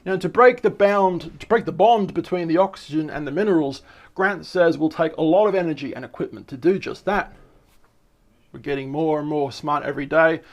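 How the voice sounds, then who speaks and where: A man, giving casual, excitable commentary as he reads articles aloud, often restarting and repeating words. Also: on the high side, fairly quick. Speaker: channel host.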